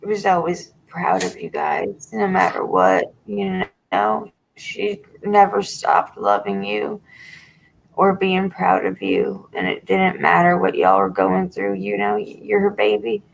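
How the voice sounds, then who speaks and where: A woman's voice: fairly low pitch, very animated, takes it slowly, gravelly, a little hiss or hum, low-quality recording. A woman speaking in a sighing, consoling way, remembering a friend in a memorial tribute.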